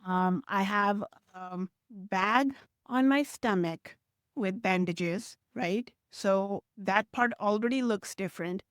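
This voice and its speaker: A middle-aged woman vlogs her personal story in a candid, emotional way, slipping into the voices of past conversations. Her voice is smooth and resonant, at a medium pitch for a woman. The recording is close and dry, with no room echo. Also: slow pace. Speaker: health vlogger.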